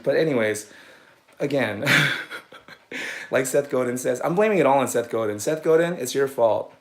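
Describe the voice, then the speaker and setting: A man's voice: mid-range voice, animated, normal speed, long pauses, darkish tone, echoey room. A man, a dog groomer, chatting casually while he grooms, rambling and poking fun at himself, laughing at his own jokes.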